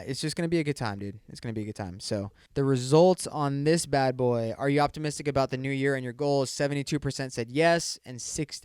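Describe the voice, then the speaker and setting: A man's voice: medium pitch, clean tone, no room sound, clean studio sound. A man in his mid-twenties hosting a casual solo podcast, rambling and swearing a lot and saying "dude" often. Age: 20s. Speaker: podcast host.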